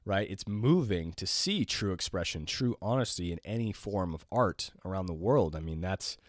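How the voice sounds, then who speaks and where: A man hosting a jazz piano podcast lesson, talking in a relaxed, rambling way with fillers, his voice going hoarse. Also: low-pitched, moderate pace, no room sound, clean studio sound. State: losing his voice, clearing throat. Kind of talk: casual spoken lesson.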